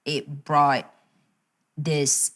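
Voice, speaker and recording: Low-voiced woman telling an earnest faith story. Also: level tone, drawn-out words, a bit bright. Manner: earnest storyteller who acts out quoted voices. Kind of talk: candid faith testimony in conversation.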